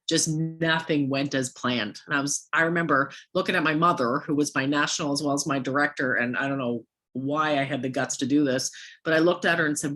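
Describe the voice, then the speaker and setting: Hoarse woman coaching with bright voice. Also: low-pitched, fairly quick. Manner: fires off rhetorical questions at the listener. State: hoarse, worn-out voice with coughing. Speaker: sales team coach. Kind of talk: motivational coaching talk.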